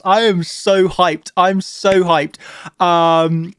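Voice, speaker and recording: A man's voice: high voice, steady tone, takes it slowly, a bit bright, smooth, no room sound, studio quality. A man running a live trading stream, overjoyed and emotional, repeating words and laughing as he talks. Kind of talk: excited live stream chart talk.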